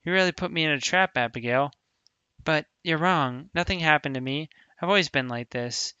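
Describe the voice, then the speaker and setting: A man reading aloud the lines of a teenage girl who seems cheerful but hides deep depression, in a soft, subdued way. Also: moderate pace, clean tone, no room sound, lo-fi sound. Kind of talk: reading a visual novel aloud.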